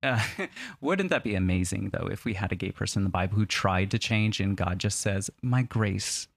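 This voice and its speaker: A man's voice: sits low, a little fast, vocal fry, no echo, studio quality. A man co-hosting a casual chat, wry and joking as he reads scripture aloud. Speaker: podcast co-host.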